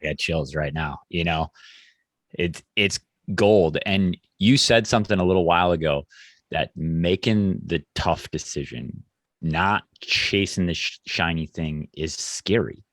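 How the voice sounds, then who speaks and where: A man's voice: low voice, measured pace, no echo, studio quality. A man hosting a podcast interview, speaking in a reflective, encouraging way. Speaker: podcast host.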